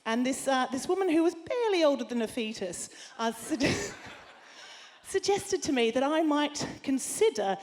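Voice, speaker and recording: Aussie woman doing crude self-mocking standup on stage, high voice, yells the punchlines. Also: big pitch swings, a little slow. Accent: Australian. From Australia. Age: 40s. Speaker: stand-up comedian. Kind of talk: stand-up comedy set. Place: comedy theatre stage.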